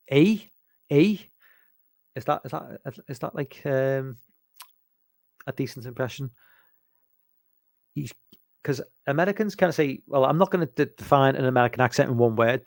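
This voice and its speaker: A man's voice: medium pitch, no room sound. A man from England chatting casually about horror films, rambling and hesitant, with lots of ums and restarts. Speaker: podcast host.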